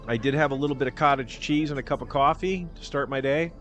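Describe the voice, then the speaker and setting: A man hosts a laid-back cooking livestream in an easy, middle-pitched voice. He rambles and jokes at his own expense, dropping the odd swear word. Soft music plays faintly behind him. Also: fast talker. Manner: rambling, joking and self-deprecating, with casual swearing. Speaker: livestream host. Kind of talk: casual cooking-show chat.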